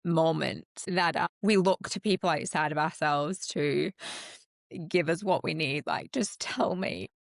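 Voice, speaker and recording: A middle-aged woman talks as a guest on a podcast, earnest and openly emotional. Her voice sits low. The recording is close and dry. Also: unhurried, vocal fry, dry recording. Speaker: holistic psychologist guest. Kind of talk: candid podcast conversation.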